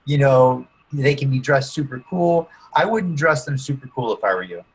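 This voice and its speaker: Husky guy coaching people through a calm visualization, keeps saying okay? right?. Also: mid-range voice, moderate pace, rough recording. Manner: calm, guiding, often checks in with "okay?" and "right?". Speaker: guest coach using neurolinguistic programming. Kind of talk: guided visualization during an interview.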